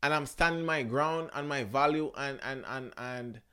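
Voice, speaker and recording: A man's voice: mid-range voice, normal speed, smooth. Emphatic man ranting casually. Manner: animated, emphatic, swears and repeats himself; searches for words, frequent restarts. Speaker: podcast host. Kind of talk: casual relationship talk.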